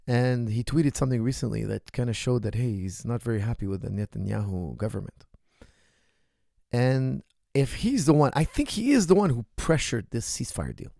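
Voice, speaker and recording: A man's voice: medium pitch, vocal fry, warm tone, no room sound, studio quality. A middle-aged man, a martial arts coach, answering viewer questions on a livestream in an emphatic way that keeps checking in with "right?" and "okay?".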